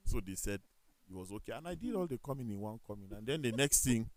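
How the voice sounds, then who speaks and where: A man with a Nigerian accent, speaking as a talk show panelist. He tells animated stories, acts out the dialogue, and corrects himself as he goes. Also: medium pitch, fast, no room sound. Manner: animated storytelling with quoted dialogue and self-corrections. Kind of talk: casual studio discussion.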